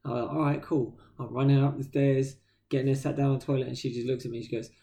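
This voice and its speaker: A tired man tells stories on a podcast in slangy casual chat. His voice is dark and gravelly with creaky fry, and he drops into playful impressions of the people he quotes. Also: mid-range voice, little pitch movement, quick pace. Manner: laid-back storyteller, slangy, acts out quotes. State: tired, yawning. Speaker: podcast co-host.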